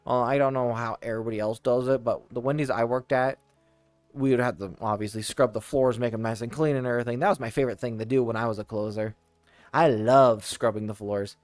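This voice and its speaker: A man telling casual stories from his old job, rambling with frequent restarts and tangents and laughing quickly now and then. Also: medium pitch, fairly even intonation, no room sound, faint music behind. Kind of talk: casual storytelling.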